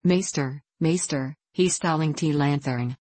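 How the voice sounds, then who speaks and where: Woman narrator as crabby old farmhand, rustic dialect, low and dry. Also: a little slow, no echo. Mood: agitated. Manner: shouting in thick rustic dialect. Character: cantankerous old male farm servant with broad dialect. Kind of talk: audiobook reading.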